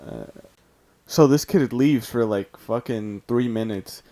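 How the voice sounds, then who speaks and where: Over gameplay, a California storytime YouTuber recounts a tale in a slow, mid-range, dark-toned voice. He rambles and swears, leaning heavily on fillers, especially "like."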